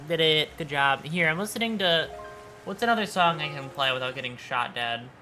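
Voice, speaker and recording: A woman streamer chatting casually on a livestream, quiet and soft-spoken, playful, with halting restarts, at a home desk mic. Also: sits low, animated, faint music behind. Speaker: VTuber streamer. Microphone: desk microphone.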